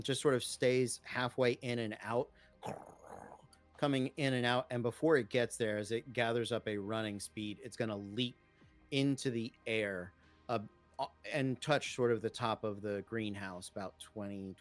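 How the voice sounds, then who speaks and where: A man running a tabletop game as game master, giving matter-of-fact rulings and vivid narration. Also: medium pitch.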